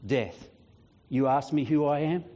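A man voicing a risen divine saviour who defiantly answers Death in a dramatic sermon monologue, proclaiming slowly and solemnly. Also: fairly high pitch, lightly acted. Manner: slow, solemn proclaiming with long pauses, growing quieter and weightier. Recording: dull lo-fi sound.

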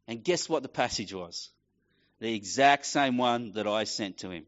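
A man's voice: on the high side, fairly quick, fairly bright tone, muffled recording. A middle-aged man preaching a casual sermon, acting out quoted voices as he tells a story. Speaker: pastor.

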